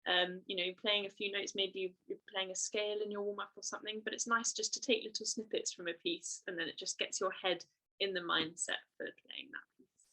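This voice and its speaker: A woman's voice: mid-range voice, steady tone, fairly quick, sharp tone, low-quality recording. A young woman giving an online trumpet lesson, explaining patiently and encouragingly with many fillers. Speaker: trumpet teacher.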